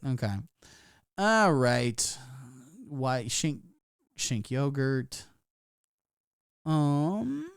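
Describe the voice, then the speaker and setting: A man's voice: medium pitch, smooth, no room sound, studio quality. A man giving casual live-stream commentary, sarcastic and rambling, swearing freely. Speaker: livestreamer.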